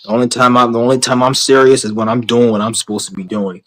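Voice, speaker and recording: A man's voice: medium pitch, fairly even intonation, fast talker, fairly bright tone, low-quality recording. A man ranting to his camera in a blunt, rambling, heavily profane way, repeating himself as he goes. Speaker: vlogger.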